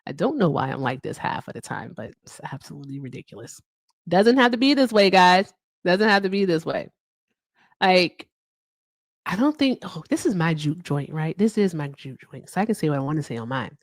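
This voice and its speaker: A woman's voice: on the low side, very animated, fairly quick, dry recording. Chatty woman hosting a livestream. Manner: chatty, laughs often, talks to chat directly. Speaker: livestream host. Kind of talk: casual livestream chat.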